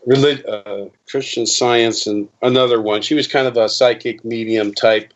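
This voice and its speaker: A man in his fifties, guesting on a casual interview, tells rambling stories full of restarts and animatedly acts out the voices of people he quotes. His voice sits in the mid-range and moves at a moderate pace. The lo-fi interview recording sounds dull.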